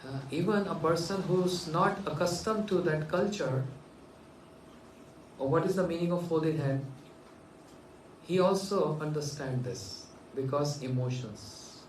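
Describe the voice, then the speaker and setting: A man from India giving a devotional talk, telling a story gently and earnestly and voicing the people in it. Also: a little high, takes it slowly, pauses often, slight background noise. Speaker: spiritual teacher. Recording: echoey room, mic at a distance.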